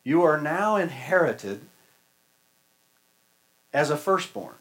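A man's voice: a little high, lively intonation, takes it slowly, a bit bright, low-quality recording. A male preacher giving a sermon in a folksy, conversational and humorous way.

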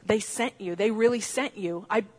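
A woman's voice: mid-range voice, moderate pace, darkish tone, husky, close to an everyday voice. A woman quoting an emotional masseuse who is a new psychic, in an earnest, pleading way.

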